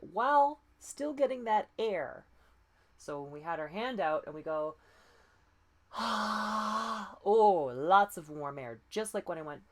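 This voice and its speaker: A woman voice coach leading breathing and pitch exercises, patient and encouraging, often demonstrating breathy sighs. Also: slight background noise. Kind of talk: guided voice exercise lesson.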